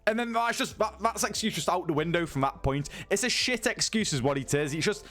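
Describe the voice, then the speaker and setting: A man's voice: high voice, expressive, brisk, a bit bright, faint music behind. A man giving a casual, incredulous and sweary rant as a sports news YouTuber.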